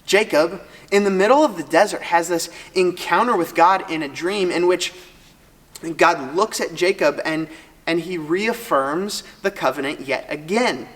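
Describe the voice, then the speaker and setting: A teacher retelling a Bible story to students in a casual, lively way with joking asides. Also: mid-range voice, measured pace. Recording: long hall reverb.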